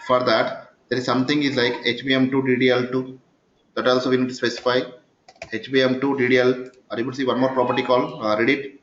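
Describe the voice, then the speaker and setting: A man's voice: medium pitch, little pitch movement, fast talker, a little hiss or hum. Man teaching code, quizzing the class. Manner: keeps quizzing the class, asking 'yes or no?'. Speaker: programming instructor. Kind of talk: live coding lecture. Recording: echoey, dull recording of a class session.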